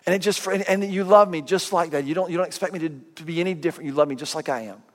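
A middle-aged man pastor giving a sermon, telling stories with self-mocking humor and voicing quick asides. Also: high-pitched. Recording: long reverb of a big hall.

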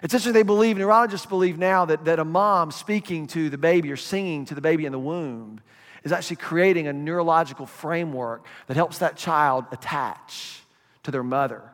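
A man preaches to his congregation in a loose, conversational sermon, often checking in with questions. His voice sits high for a man. The sound carries the long reverb of a big church hall. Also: fairly quick, fairly bright tone. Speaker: pastor.

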